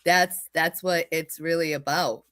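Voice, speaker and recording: Lively New England woman co-host. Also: low voice, a little slow. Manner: lively, blunt, excitable. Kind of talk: casual talk show chat.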